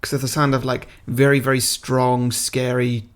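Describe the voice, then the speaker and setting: A male podcast co-host with a mid-pitched voice, talking through films and reading the show's plugs in a dry, matter-of-fact tone. His delivery is plain and conversational. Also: flat delivery, moderate pace. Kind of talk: casual film-review chat.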